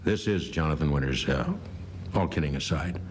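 A man in his fifties rambling through a comic cheer-up message, halting with mock earnestness. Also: rumbling low, slight background noise. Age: 50s. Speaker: comedian. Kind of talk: comic recorded greeting.

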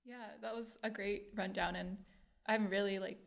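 A young woman hosts the conversation, her voice slipping into a gravelly fry. She asks her questions in an eager, chatty way, full of fillers. She sounds like a student talking with a guest. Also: medium pitch, steady tone, moderate pace. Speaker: medical student podcast host. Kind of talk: casual interview questions.

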